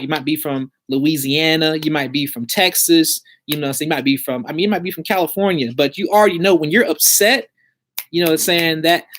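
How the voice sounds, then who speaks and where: Man, somewhat high voice, casual advice vlog, blunt, streetwise, slangy. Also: fairly bright tone. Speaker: credit repair advisor.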